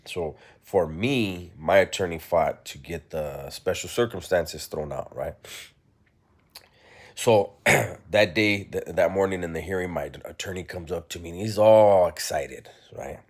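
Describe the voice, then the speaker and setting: Man, very deep voice, candid and reflective personal storyteller, blunt and unpolished. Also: unhurried. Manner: blunt, reflective, peppers speech with "right?" and "you know".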